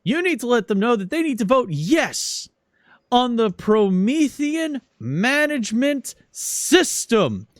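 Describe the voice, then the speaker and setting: A man playing a loud, pompous bigoted politician. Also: very high-pitched, very animated, takes it slowly, no echo, clean studio sound, pitched above the performer's own voice, exaggerated voice. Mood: rousing. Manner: loud, pompous, crowd-rousing. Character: bigoted male politician giving a rally speech.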